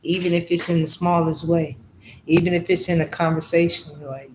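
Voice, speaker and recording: A woman's voice: on the low side, flat delivery, moderate pace, a little mellow, slight background noise, low-quality recording. A woman vlogger telling rambling, profane stories in a casual monologue, often asking "you know what I'm saying".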